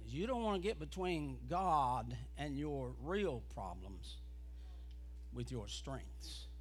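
A man preaching a fiery revival sermon as an evangelist, building from quiet talk to shouted preaching. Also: medium pitch, lively intonation, slow pace, slight background noise.

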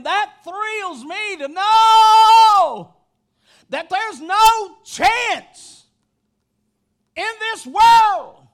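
A man preaching a sermon with passion, rising to shouting, his voice breaking into a cry at the peaks. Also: very high voice, sing-song, drawn-out words. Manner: impassioned preaching that rises to shouting.

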